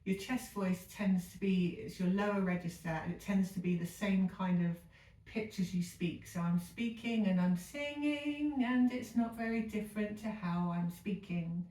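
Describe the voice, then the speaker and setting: A woman teaching a singing lesson, explaining calmly with frequent ums and demonstrating exercises herself. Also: mid-range voice, normal speed. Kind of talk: vocal technique lesson with sung demonstrations. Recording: echoey room, voice a bit far from the mic, piano faintly behind.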